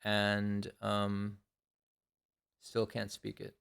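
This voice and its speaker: An older man with a low, gravelly voice thinks out loud at an unhurried pace. He rambles casually, hesitating and circling back over his own words. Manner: hesitant, musing, repeats himself. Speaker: gaming vlogger.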